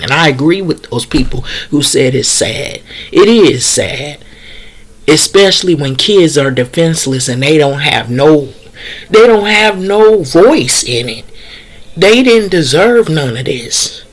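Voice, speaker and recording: Blunt, impassioned woman vlogger. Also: deep voice. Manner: blunt, impassioned, plainspoken with slang. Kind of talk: opinion vlog commentary.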